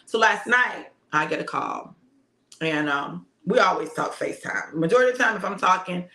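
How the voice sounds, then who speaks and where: A woman's voice: fairly low pitch, lively intonation, normal speed, creaky, bright, forceful tone. A middle-aged woman who preaches, telling a family story in a casual, heartfelt way and laughing often. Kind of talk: casual motivational talk. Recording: roomy echo.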